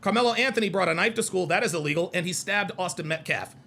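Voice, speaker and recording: A man's voice: high voice, quick pace, creaky, bright, forceful tone, slight background noise. A young adult man hosting a call-in livestream, arguing with chat in a combative, mocking way and repeating his points. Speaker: host of a call-in show. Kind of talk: heated livestream commentary, answering chat.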